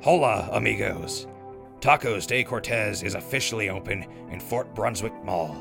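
A man playing a deep, dry-witted ghoul DJ. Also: normal speed, vocal fry. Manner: dry, wry asides. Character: sardonic ghoul radio DJ, male. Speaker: radio host. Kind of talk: scripted radio DJ patter. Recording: radio show with music behind.

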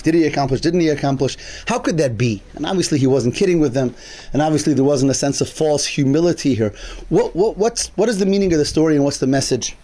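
A man's voice: on the high side, dark tone. A man giving a Torah sermon, earnest and building his point through repeated rhetorical questions. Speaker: rabbi giving a Torah class.

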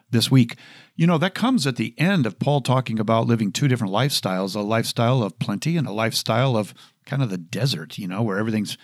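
Middle-aged male podcast Bible teacher, emphatic and conversational, mid-pitched, dry close sound. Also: no echo. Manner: emphatic, repeats verses in shifting cadences; conversational, addresses listener directly.

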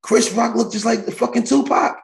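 A man's voice: extremely high pitch, fairly even intonation, a little fast, gravelly. A man co-hosting a podcast, rambling and storytelling with profanity. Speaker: podcast co-host. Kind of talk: casual banter.

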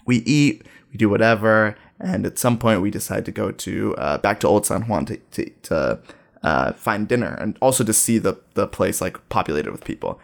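A man's voice: on the low side, moderate pace, vocal fry. A man in casual conversation, animatedly telling a travel story and acting out the lines of people in it. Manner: animated storyteller, acts out quoted dialogue. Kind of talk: casual chat.

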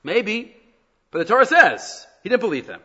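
A man's voice: sits high, moderate pace, breathy edge, in a large hall, muffled recording. A man teaching a class on the weekly Torah portion, reading Hebrew verses aloud and then explaining them in English. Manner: animated, reads Hebrew verses then translates.

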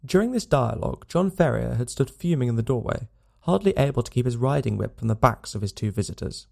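A man narrating a classic story in a measured, dramatic audiobook reading. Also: medium pitch, expressive, creaky, a little mellow.

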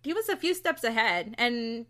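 A woman's voice: on the high side, expressive, normal speed, bright, forceful tone. A woman with a Californian accent, co-hosting a casual podcast and telling a local legend, laughing often and swearing now and then. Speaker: podcast co-host. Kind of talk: casual storytelling chat.

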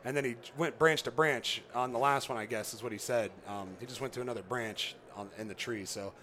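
A man, a podcast guest, telling a story in a casual, animated way, laughing often and acting out dialogue. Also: mid-range voice, brisk.

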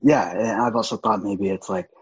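A young adult man on a podcast as a guest, speaking openly and with animation, laughing often, with a husky voice. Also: fairly low pitch, steady tone, moderate pace, no room sound, poor audio. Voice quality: husky, gravelly. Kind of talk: candid casual chat.

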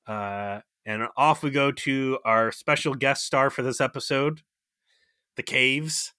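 A man's voice: medium pitch, slow pace, pushed and bright, clear, resonant tone, no echo. A man co-hosting a podcast, recapping with dry, wisecracking remarks. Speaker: podcast co-host. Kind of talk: casual recap chat.

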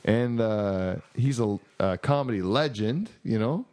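A man's voice: lowish voice, expressive, unhurried, a little mellow. A man, a podcast co-host from Canada, telling rambling stories in casual chat with lots of laughter and filler words. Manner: rambling storyteller, laughs often, many fillers.

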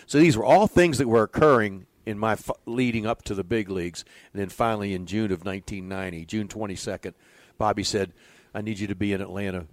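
Older guy, ex pitching coach, folksy yarns, dry close mic. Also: fast talker, no room sound. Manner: folksy, animated storyteller who acts out quoted dialogue. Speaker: former pitching coach, interview guest. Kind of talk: storytelling in a conversational interview.

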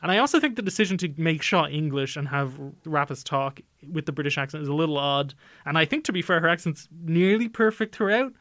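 A man's voice: fairly high pitch, expressive, a little fast, few pauses, fairly bright tone, no echo, studio quality. A young adult man co-hosting a podcast, talking through a film in a casual, analytical way with many filler phrases. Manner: chatty, analytical, many "you know" fillers. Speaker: podcast co-host.

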